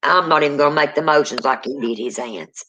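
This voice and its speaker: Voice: mid-range voice, fairly quick, sharp tone. A speaker, telling a true ghost story in casual spoken style and acting out the people in it. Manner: dramatic, acts out quoted people. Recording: dull lo-fi sound.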